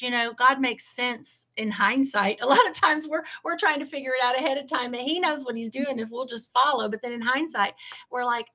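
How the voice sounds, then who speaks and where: A woman's voice: sits high, a little fast, sharp tone. A woman being interviewed, telling her story in an earnest, emotional way and fighting back tears. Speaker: ministry founder and guest.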